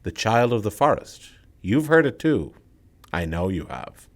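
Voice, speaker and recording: A man's voice: fairly low pitch, sing-song, a little slow. A man voicing an eerily friendly male stranger in a forest, with a small voice that falls at the ends. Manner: small, soft voice with a falling lilt.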